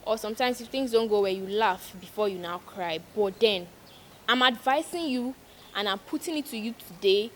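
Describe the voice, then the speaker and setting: Speaking at a moderate pace in a mid-range voice, a young woman vlogger lectures her viewers with casual, preachy advice. She repeats lines to drive points home, and there's a bit of background noise.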